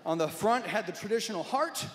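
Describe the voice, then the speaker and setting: High-voiced stand-up comic man. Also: quick pace, slight background noise. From Nebraska, USA. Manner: wry, animated storytelling. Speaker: stand-up comedian. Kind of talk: stand-up comedy. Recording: echoey hall, loud audience.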